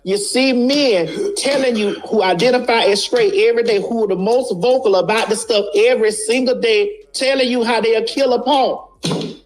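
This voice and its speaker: A woman's voice: fairly high pitch, moderate pace. A woman giving a blunt, casual commentary, preaching her point and repeating lines for emphasis, swearing freely.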